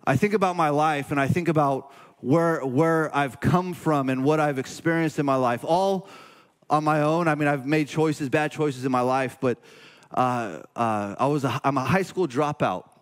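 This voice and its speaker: A male pastor in his forties delivers a sermon, his voice sitting a little high for a man. He speaks in an earnest, halting way, restarting phrases as emotion catches him. The delivery feels confessional and heartfelt. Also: long reverb tail.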